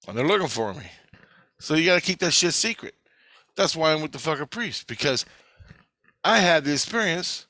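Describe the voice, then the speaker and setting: Man vlogger, tense forceful voice, swears constantly, rambling storyteller, dry close sound. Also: a little high, very animated, moderate pace, pauses often, dry recording. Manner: profane, intense, rambling storytelling. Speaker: vlogger recounting past-life memories. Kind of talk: casual spoken monologue.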